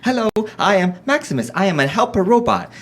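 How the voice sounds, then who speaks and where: A woman's voice: medium pitch, sing-song, fairly quick, voice pushed up. A woman voicing a tiny, frazzled male helper robot in a tabletop game, speaking stiffly and repeating herself like a machine. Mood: helpful. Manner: stiff, repetitive machine talk.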